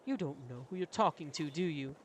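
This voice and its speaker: A man voicing a smug, arrogant one-handed governor with a gravelly, sneering delivery. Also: fairly high pitch, animated, brisk, a little hiss or hum, lightly acted. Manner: sneering, condescending.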